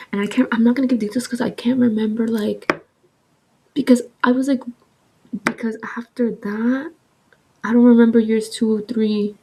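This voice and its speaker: A woman in her twenties telling a story in a chatty, animated way, filling her talk with "like" and swearing. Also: a little high, moderate pace, pauses often, breathy edge, rough recording. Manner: chatty, heavy use of "like", swearing, animated retelling. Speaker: vlogger. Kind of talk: casual storytime with soft ASMR eating.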